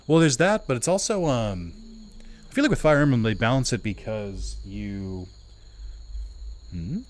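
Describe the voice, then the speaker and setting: A man's voice: mid-range voice, animated, measured pace. A man giving casual, rambling live-stream commentary while playing, chatting with viewers and correcting himself often. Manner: rambling, filler-heavy and self-correcting, chats with viewers.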